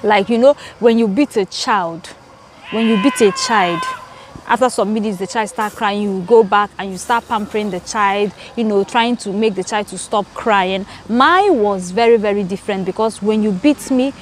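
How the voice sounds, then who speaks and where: A woman's voice: mid-range voice, slight background noise. A woman, hosting her own vlog and chatting to viewers in a garden, repeating words as she talks. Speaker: channel host. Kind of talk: casual storytelling vlog. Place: outdoors in a garden.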